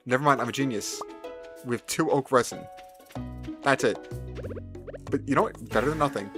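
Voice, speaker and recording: A man's voice: mid-range voice, normal speed, long pauses, music in the background. A man giving casual, playful commentary while he plays a farming video game. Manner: animated, playful, chatty. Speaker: gaming video host.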